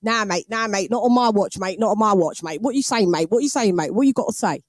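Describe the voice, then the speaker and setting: Woman doing a cursing East London tough guy, menacing, quick slang, dry close sound. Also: medium pitch, dry recording, natural voice. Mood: aggressive. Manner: aggressive, threatening, rapid slang. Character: swaggering foul-mouthed East London hard man.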